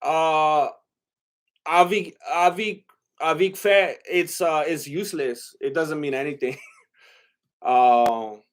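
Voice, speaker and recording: A man's voice: on the high side, slow pace, long pauses. Rambling, hesitant man on a livestream. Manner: rambling and hesitant, many fillers and restarts. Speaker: livestream host reading chat. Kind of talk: casual livestream chat.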